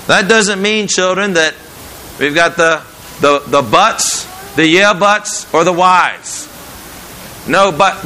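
Middle-aged guy preaching, really bright slightly high voice, faint hiss on the recording. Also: low-quality recording. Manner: measured, earnest preaching with emphatic repetition. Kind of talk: sermon.

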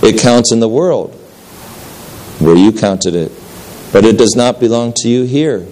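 A man voicing a solemn heavenly gatekeeper who speaks in a low, distinct, calm and measured way. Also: close to an everyday voice, poor audio. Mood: stern. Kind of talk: dramatic reading of a story.

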